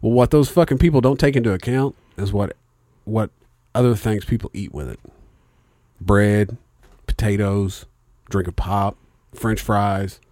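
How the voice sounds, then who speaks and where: A man's voice: on the low side, a little slow, a little mellow, no echo, clean studio sound. A man co-hosting a casual podcast, telling a rambling, profane story with lots of fillers. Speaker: podcast co-host.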